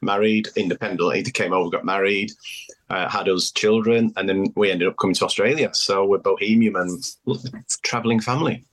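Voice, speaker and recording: A man's voice: deep voice, steady tone, brisk, fairly bright tone. Jokey middle-aged Mancunian man. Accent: Manchester English. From Manchester, England. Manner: jokey, storytelling. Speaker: guest, former contestant. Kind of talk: casual interview chat.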